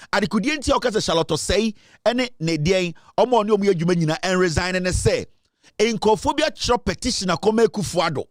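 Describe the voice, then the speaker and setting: A man's voice: high voice, no room sound, clean studio sound. A Ghanaian man hosting a political commentary show, emphatic and repetitive, switching between English and Twi. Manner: emphatic, repeats points, mixes English and Twi. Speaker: show host.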